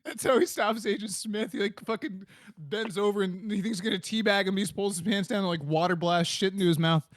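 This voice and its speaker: A man with a very high speaking voice, giggling through casual comedy banter. The sound is close and dry, with no room around it. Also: fairly even intonation, a little fast, few pauses, dry recording. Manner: giggly, constantly laughing. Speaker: podcast co-host.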